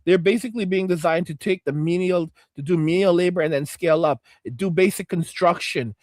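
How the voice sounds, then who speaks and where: A man hosting a casual livestream, reading chat comments and reacting, cursing and repeating himself, with frequent throat clearing. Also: high-pitched, brisk, a little mellow, dry recording, studio quality.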